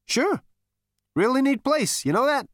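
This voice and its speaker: A man puts on a swaggering, self-satisfied alien hero for a storybook reading, his voice pushed high and loud and bursting with cocky bravado. He brags breezily, as if nothing in the universe could touch him, and the sound is dry and close. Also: sing-song, measured pace, dry recording, full character voice. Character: smug, brash male alien adventurer.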